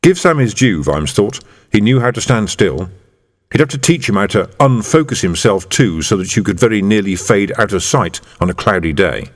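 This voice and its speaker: Male audiobook narrator with lively intonation. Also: lowish voice. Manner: measured storytelling with lively intonation. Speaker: audiobook reader. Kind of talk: scripted narration. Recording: reverberant room.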